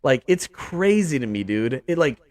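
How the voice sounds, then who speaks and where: A young man hosting a casual sports podcast, ranting with lots of restarts and mock quotes. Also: moderate pace. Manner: animated, repetitive, swings pitch up for mock quotes. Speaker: podcast host.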